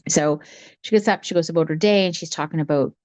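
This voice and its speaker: A woman's voice: low voice, fast, a little mellow, no echo. A woman podcast host telling a spooky story in a chatty, casual way, with lots of repeated phrases.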